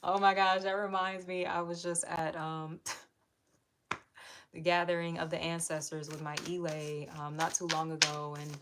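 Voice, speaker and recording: A chatty woman tarot reader talks in a candid, casual way, swearing freely and laughing often. Her voice sits fairly low. A steady noise runs behind her the whole time. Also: a little slow. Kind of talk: casual livestream tarot reading. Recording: audible background noise.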